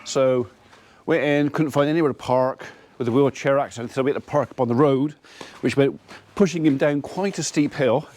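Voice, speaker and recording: Chatty farmer telling a story. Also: male voice, medium pitch, moderate pace, darkish tone, a little hiss or hum. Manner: chatty, rambling anecdote with quoted dialogue. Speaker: farmer vlogger. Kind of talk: casual storytelling to camera.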